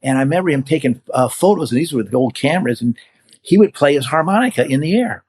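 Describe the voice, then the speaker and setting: A man in his seventies from California, a guest in an interview, telling stories in a casual, animated way and acting out the voices of people he met. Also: a little high, quick pace, breathy edge. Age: 70s. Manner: animated storyteller who acts out quoted voices. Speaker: guest, veteran hang glider pilot.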